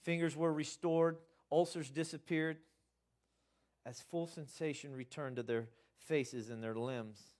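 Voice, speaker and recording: A man's voice: steady tone, a little slow, a little mellow. Earnest man preaching with swings in volume. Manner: earnest, rising to emphatic bursts then dropping low. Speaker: pastor. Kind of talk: sermon.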